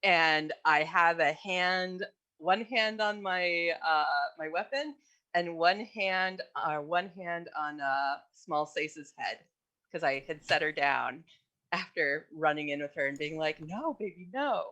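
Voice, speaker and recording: A woman's voice: low voice, slow, bright, forceful tone. A woman playing a tabletop game, chatting casually and playfully with frequent laughs. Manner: playful and giggly. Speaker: player.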